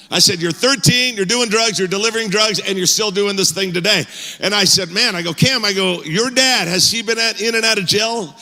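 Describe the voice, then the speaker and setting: Bright-voiced, animated male pastor. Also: sits high, a little fast, in a large hall. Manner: animated, self-mocking humor. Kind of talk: storytelling sermon. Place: church auditorium.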